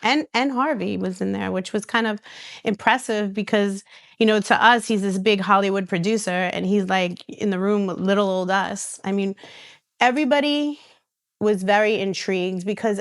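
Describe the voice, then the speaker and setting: A woman's voice: mid-range voice, smooth, no room sound, clean studio sound. A woman, telling stories in a casual interview and acting out the voices of the people she quotes. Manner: animated storyteller who acts out quoted voices, with restarts and laughs. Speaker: reality TV star and guest.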